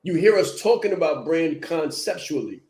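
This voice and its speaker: Man, brand coach, motivational podcast talk, repeats points, slightly high voice, echoey room. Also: normal speed. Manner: animated, repeats key lines for emphasis.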